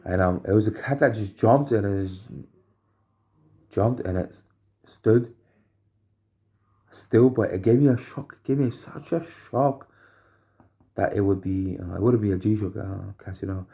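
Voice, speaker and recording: A man at home telling rambling personal anecdotes, halting and repeating phrases as he searches for words. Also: on the low side, vocal fry, dark tone. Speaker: storyteller.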